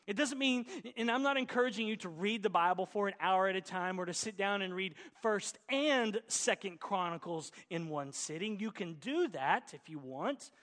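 Pastor, man, middle-aged, Oklahoma accent; light higher voice, earnest and folksy; big reverberant sanctuary sound. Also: a bit bright. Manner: earnest, exhorting, folksy asides. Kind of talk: sermon.

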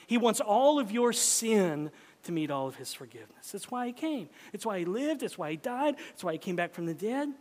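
A man preaching a sermon as pastor, swinging from loud urgent pleading to soft, whispered tenderness. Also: sits high, sing-song, normal speed. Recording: long hall reverb.

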